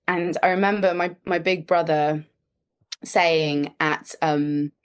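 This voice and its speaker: A woman's voice: deep voice, fairly even intonation, slow, smooth. A woman, chatting as a comedy guest in a casual, self-deprecating way with lots of fillers. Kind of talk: casual interview chat.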